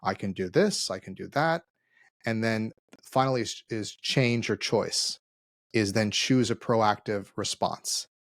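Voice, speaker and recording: A man co-hosting a casual business podcast, telling stories and acting out quoted dialogue with lively energy. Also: lowish voice, a little slow, no echo, studio quality. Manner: animated storyteller, acts out quoted dialogue. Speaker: podcast co-host, CEO.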